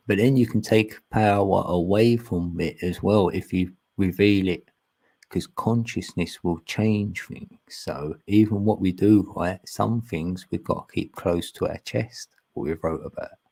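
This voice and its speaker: A man's voice: sits low, vocal fry, mellow, breathy edge. A man talking casually and ramblingly as a channel host, often laughing. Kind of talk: casual spiritual chat. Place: long live stream.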